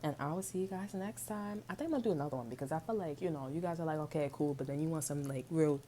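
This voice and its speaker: A woman's voice: deep voice, fast, dark tone, a little hiss or hum. A woman giving a casual tarot reading, chatty and slangy, swearing freely and humming little tunes between thoughts. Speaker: tarot reader.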